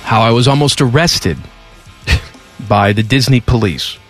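A male radio host telling a story in a lively, emphatic, exasperated way in a studio. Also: medium pitch, unhurried, faint music behind. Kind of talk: animated storytelling on talk radio.

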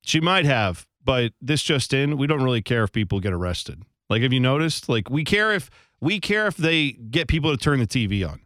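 A man co-hosts a podcast in casual chat, rambling and hedging through his points. His voice is bright and a little high, and it swings widely in pitch. The sound is dry and close. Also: sing-song, normal speed, hardly any pauses, dry recording. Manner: rambling, hedging, chuckles often. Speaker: podcast co-host.

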